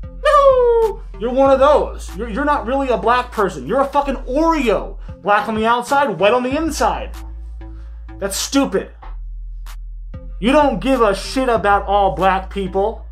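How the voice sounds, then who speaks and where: A man's voice: high-pitched, lively intonation, a little slow, soft background music. Profane mocking male commentator. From Michigan, US. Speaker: commentary YouTuber. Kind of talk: sarcastic rant over a clip.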